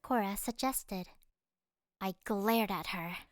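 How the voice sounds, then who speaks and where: A woman narrating a first-person fantasy audiobook in an expressive, dramatic way. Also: mid-range voice, slow pace, no echo, studio quality.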